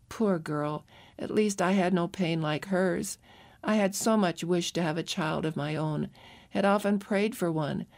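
Storybook woman prisoner, childless and rueful, confiding in low tones, as a narrator puts her on. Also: a little mellow, close to an everyday voice.

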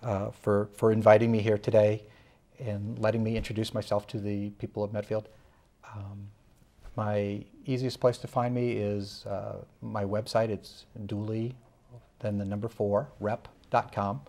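A man's voice: fairly low pitch, little pitch movement, a little slow, dark tone. A political candidate in an interview, a man talking in a rambling way, full of "you know" fillers, with a Massachusetts accent.

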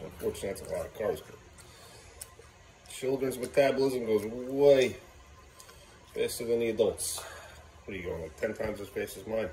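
A man's voice: fairly low pitch, moderate pace, pauses often, mellow, slight background noise. A man filming a casual family vlog, chatting playfully and coaxing his young sons at home in the kitchen. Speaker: dad vlogging with his kids. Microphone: handheld camera filming himself.

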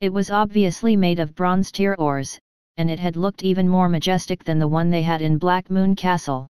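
A woman narrating an audiobook in steady scripted storytelling, recorded close on a studio mic. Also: fairly low pitch, normal speed, smooth, dry recording.

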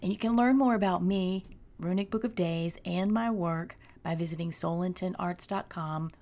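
A middle-aged woman hosting a podcast, speaking in a soft, hushed, unhurried way that often drops to breathy near-whispers. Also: on the low side. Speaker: podcast host. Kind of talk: slow meditative spoken reflection.

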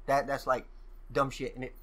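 A man guest telling casual stories, profane and animated, acting out what people said. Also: mid-range voice, moderate pace. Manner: profane, animated storyteller who acts out quoted exchanges. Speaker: podcast guest. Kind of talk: casual storytelling.

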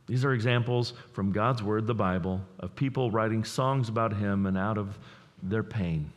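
A man's voice: on the low side, moderate pace. A man who is a pastor, preaching a sermon in an earnest, conversational way. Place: church. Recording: long hall reverb.

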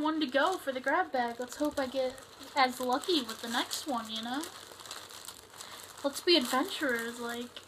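Bright-voiced young woman gushing over a haul. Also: sits high, slight background noise, poor audio. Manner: excitable, gushing, chatty with many fillers. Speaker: vlogger. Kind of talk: casual haul unboxing vlog.

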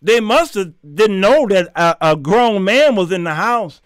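A middle-aged man, hosting his show and telling a story in an animated, preachy way with sudden shouts. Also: high-pitched, measured pace, smooth, no room sound, studio quality. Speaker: show host. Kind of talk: storytelling commentary.

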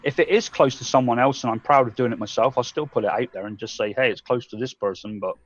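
A man's voice: medium pitch, fast, lo-fi sound. An English man co-hosting a casual live-stream chat, rambling and swearing freely as he acts out his own thoughts. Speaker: co-host.

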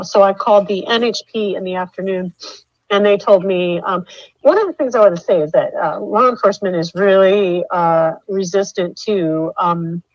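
A middle-aged woman telling her story in an interview, halting with many fillers and restarts, her voice rising when upset. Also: medium pitch, dry recording. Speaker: mother of a missing man, interview guest. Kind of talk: emotional interview account. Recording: dull dry lo-fi sound.

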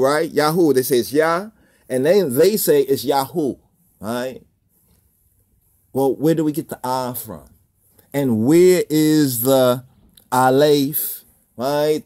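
A man's voice: medium pitch, darkish tone. A man hosting a religious video, talking in a casual monologue full of repeated rhetorical questions and chuckles.

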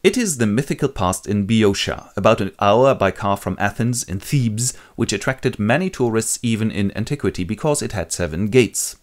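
A man narrating a comic retelling of a classic play with irreverent, wry asides. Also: fairly low pitch. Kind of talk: comic literature summary.

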